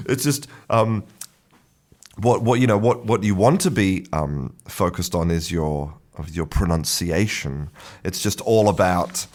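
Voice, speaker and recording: A man hosting an English-learning podcast, explaining a topic in a relaxed, rambling way, restarting sentences and repeating words. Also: sits low. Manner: chuckles to himself. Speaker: English teacher and podcast host. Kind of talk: casual spoken lesson.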